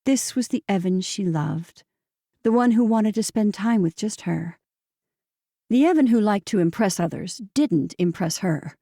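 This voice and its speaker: A woman reads a novel aloud with measured, steady pacing. Her voice is dark and mellow with a gravelly fry, and the close studio mic leaves it dry, with no room sound. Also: medium pitch, no room sound. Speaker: audiobook narrator. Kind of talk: scripted audiobook narration.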